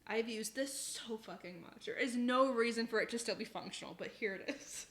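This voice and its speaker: A chatty young woman on a live stream, reading viewer messages aloud and answering them offhand. She laughs often and swears casually, with a voice that sits a little high. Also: fairly quick, fairly bright tone.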